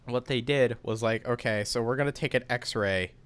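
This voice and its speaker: A man's voice: medium pitch, normal speed, a bit bright, clear, resonant tone. A young man telling a personal story in a loose, rambling way, full of swearing, fillers and restarts. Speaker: commentary YouTuber. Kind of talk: casual storytelling.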